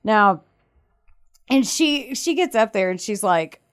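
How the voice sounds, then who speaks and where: A woman co-hosting a podcast, casually retelling a true-crime story with lively acted-out quotes and frequent laughter. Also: medium pitch, slow, clean tone. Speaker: podcast co-host.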